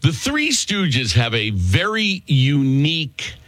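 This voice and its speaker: Slow, animated Massachusetts-accented talk host. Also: male voice, on the high side, no room sound. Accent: Worcester, Massachusetts. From Worcester, Massachusetts. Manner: chatty, addresses listeners as folks. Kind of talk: opinionated talk radio monologue.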